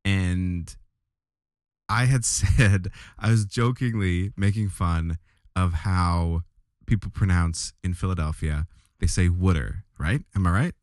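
A man's voice: deep voice, takes it slowly, no room sound, studio quality. A man in his thirties, co-hosting a podcast in casual banter, playfully argumentative and mock indignant. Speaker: podcast co-host.

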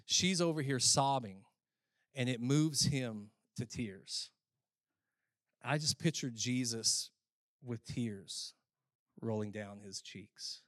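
A male pastor preaching a sermon in a conversational way, often saying "like", swinging between loud, emphatic stretches and quiet, reflective ones. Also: mid-range voice, slow, long pauses, no room sound, studio quality. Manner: frequent filler "like".

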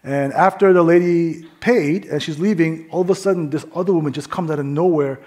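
Casual conversational male pastor, slightly high. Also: fairly quick. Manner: casual and conversational, many fillers, acts out quoted voices; drops to a soft hush in prayer. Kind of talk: sermon with a personal story.

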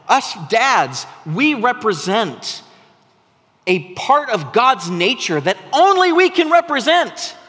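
High, bright-voiced male preacher in a reverberant hall. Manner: conversational, storytelling preacher with frequent restarts. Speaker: pastor. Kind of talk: sermon. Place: church sanctuary.

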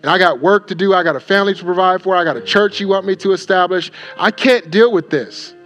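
A man's voice: high voice, fast talker, fairly bright tone, soft background music. A male pastor preaching a sermon, emphatic and repeating his phrases for effect. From Wisconsin.

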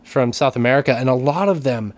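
A man's voice: medium pitch, fast. A man co-hosting a casual podcast, talking with many restarts and careful hedging. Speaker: podcast co-host and teacher.

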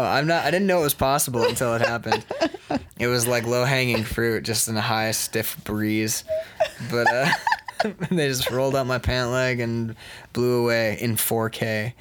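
A man's voice: medium pitch, measured pace, a little hiss or hum. A young man in casual chat, telling rambling, joking stories with a lot of laughter. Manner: rambling, jokey, lively storytelling.

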